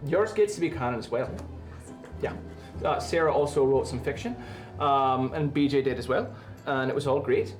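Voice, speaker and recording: A man's voice: mid-range voice, normal speed, soft background music. Chatty man hosting a live stream. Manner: chatty, loose, hesitant with fillers. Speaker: stream host and voice performer. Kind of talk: casual stream chat.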